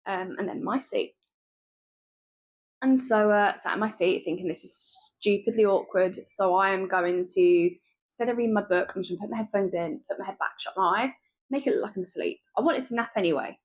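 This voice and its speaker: Woman, young adult vlogger, lively storyteller, mid-range pitch. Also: brisk. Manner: lively, animated retelling with laughs and asides. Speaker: travel vlogger. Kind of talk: chatty storytelling vlog.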